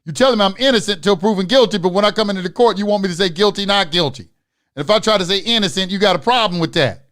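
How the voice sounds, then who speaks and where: Man, high-pitched voice, profane preachy lecturer, loud rants then mutters. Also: racing. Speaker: instructor of an online class. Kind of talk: live online lecture.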